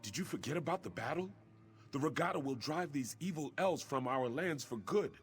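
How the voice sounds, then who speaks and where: A man's voice: on the high side, animated, moderate pace, natural voice. An actor playing an earnest young warrior prince who speaks formally and urgently to his brother in a video game. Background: game music.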